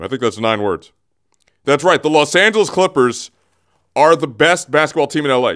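A man's voice: mid-range voice, expressive, moderate pace, long pauses, fairly bright tone. A man hosting a radio show, rambling and joking as he builds up a tease, often restarting his sentences, speaking into a studio microphone. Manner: rambling, jokey, teasing, restarts mid-thought. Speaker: radio host. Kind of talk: casual radio monologue. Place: radio studio, also streamed on camera.

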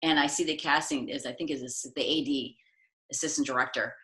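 A middle-aged woman from the United States, chatting as an interview guest and telling stories, acting out quotes in lively voices. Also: sits low, fairly quick. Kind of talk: casual interview storytelling.

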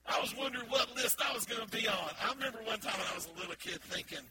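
Man, middle-aged pastor, high voice, lively sermon storytelling, loud ambient noise behind. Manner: playful, animated storytelling with acted-out bits. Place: church sanctuary.

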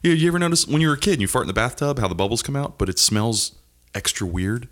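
A man's voice: medium pitch, lively intonation, fairly bright tone. A man co-hosting a podcast, telling crude stories in casual banter and laughing at his own jokes. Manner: rapid, crude, laughing storyteller. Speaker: podcast co-host.

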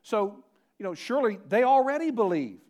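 A middle-aged man preaching a sermon as pastor, animated, asking rhetorical questions and shifting between emphatic and quiet delivery. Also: high voice, brisk.

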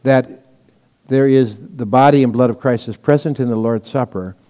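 A man preaches to his congregation in a relaxed, conversational way, slipping in stories and asides as he teaches. His voice is mellow and warm. The sound carries a long reverb from a large church hall. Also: mid-range voice, moderate pace. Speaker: pastor. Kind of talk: sermon, Bible teaching.

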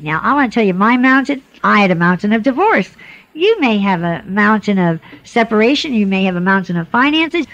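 A woman's voice: medium pitch, very animated, brisk, a bit bright, lo-fi sound. A woman giving her personal testimony to a church congregation, earnest and emotional, sometimes preaching.

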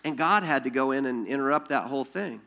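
A man preaching a sermon as pastor, telling stories in an animated way with rhetorical questions and frequent restarts. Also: mid-range voice, fast talker, vocal fry.

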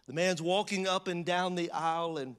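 A man with a notably high voice gives a sermon. He chats with the congregation and tells a funny story in an easy, conversational style before turning serious. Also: fairly even intonation, moderate pace, fairly bright tone, clear, resonant tone. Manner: conversational and joking, telling stories to a congregation. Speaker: pastor.

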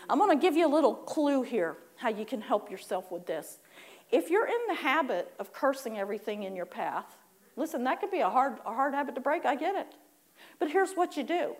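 A woman's voice: high voice, darkish tone. A woman preaching a sermon in a chatty way, acting out complaining churchgoers and laughing at her own asides.

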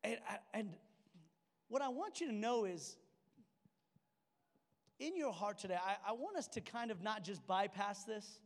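A young man preaching in a casual, storytelling way, slipping into the voices of the people in his stories. His voice sits high for a man. The sound is a sermon in a large church hall with a long, trailing reverb. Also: lively intonation, unhurried, long pauses. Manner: conversational, storytelling preacher who acts out dialogue. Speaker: pastor.

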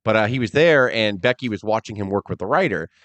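A man hosting a casual podcast, telling rambling, profane stories and slipping into quick impressions. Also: fairly low pitch, animated, a bit bright, no echo. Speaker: podcast host. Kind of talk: casual wrestling talk.

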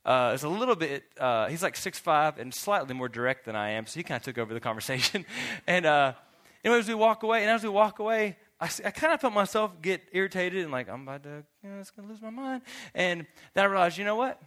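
Bright-voiced young man preaching. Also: sits high, lively intonation, quick pace. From Texas. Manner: laughs often, acts out both sides of conversations. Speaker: youth pastor. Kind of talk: casual sermon with a story.

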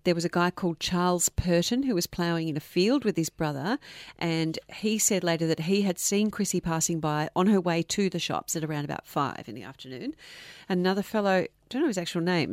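A lower-voiced woman co-hosts a podcast and narrates a true-crime case in a loose, conversational way. She laughs easily and rushes ahead when excited. The sound is dry and close to the mic. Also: no room sound. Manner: chatty, laughs often, speeds up when excited. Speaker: podcast co-host. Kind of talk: casual true-crime storytelling.

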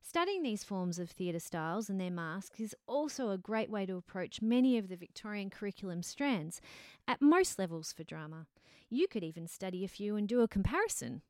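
Dry-voiced woman explaining calmly. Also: mid-range voice, dry recording. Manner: measured, explanatory. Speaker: drama teacher guest. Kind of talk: scripted-sounding interview answers.

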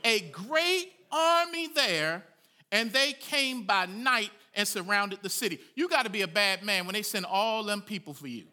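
A man preaching a sermon as a pastor, reading scripture and breaking into folksy asides, rising to dramatic shouts. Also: high voice, moderate pace, hardly any pauses.

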